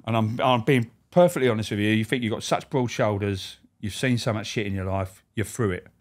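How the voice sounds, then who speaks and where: A man's voice: on the low side, fairly quick. A man, a former prison officer telling candid, swearing stories and acting out the voices of people he quotes. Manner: animated, acts out quoted voices.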